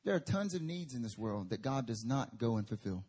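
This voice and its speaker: A man's voice: medium pitch, expressive, a little fast, a little mellow, slightly rough. A male pastor preaching a sermon at a church service, conversational with emphatic bursts.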